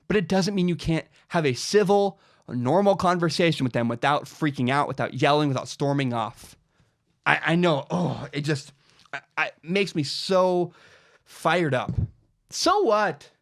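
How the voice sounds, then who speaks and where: A young man delivering a fired-up opinion monologue as host, animated and repeating himself for emphasis. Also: a little high, measured pace. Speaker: podcast host giving his opinion.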